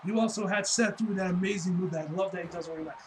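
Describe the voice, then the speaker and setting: Male reviewer, high-pitched, foul-mouthed and heated, rambling casual delivery. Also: quick pace, slight background noise, low-quality recording. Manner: profane, heated ranting; loose, rambling delivery with many "like" fillers. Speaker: wrestling reviewer.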